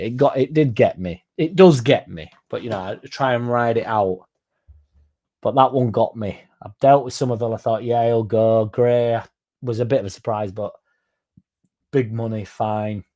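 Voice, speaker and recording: A fan channel's livestream host, a man with a warm, mid-range voice at a moderate pace, rambles casually. He swears and chats with viewers by name.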